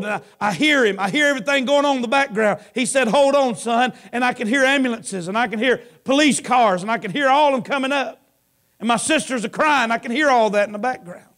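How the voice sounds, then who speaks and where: At a church camp meeting, a middle-aged pastor with a very high voice delivers an impassioned sermon, rising into shouted climaxes and dropping into hushed storytelling.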